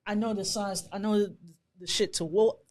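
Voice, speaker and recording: A man's voice: high-pitched, steady tone, moderate pace. A man with a Bermudian accent co-hosting a podcast in laid-back, casual chat, swearing freely. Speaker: podcast co-host.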